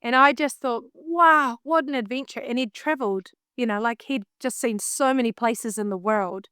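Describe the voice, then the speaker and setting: Animated New Zealand woman telling stories. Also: a little high, moderate pace, clear, resonant tone, no room sound, clean studio sound. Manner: animated, acts out her own past thoughts. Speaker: guest, singer and vocal coach. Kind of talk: casual storytelling in an interview.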